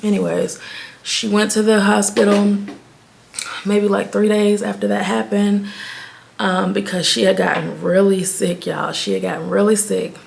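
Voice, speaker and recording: A woman's voice: medium pitch, level tone, unhurried, vocal fry, a little hiss or hum. A woman, chatting candidly to her viewers in a get-ready-with-me vlog. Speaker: beauty vlogger.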